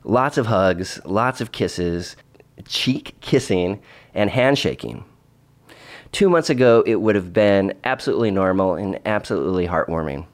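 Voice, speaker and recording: A man's voice: deep voice, expressive, a little slow. A man telling a travel story in a casual vlog, rambling with restarts and dry asides. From Oregon, United States. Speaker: vlogger.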